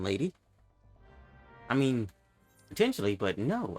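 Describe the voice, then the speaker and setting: A man's voice: on the low side, moderate pace. A man hosting a gaming channel, joking and talking back to characters while he plays. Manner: animated, joking, talks back to the game. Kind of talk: casual let's-play commentary. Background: game music.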